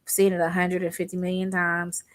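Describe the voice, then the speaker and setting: A young woman from Arkansas talks her way through a makeup routine, chatty and rambling. She drifts into stories in a relaxed vlogger's voice, with some Southern slang. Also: fairly low pitch, brisk. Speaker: beauty vlogger. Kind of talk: chatty makeup tutorial storytelling.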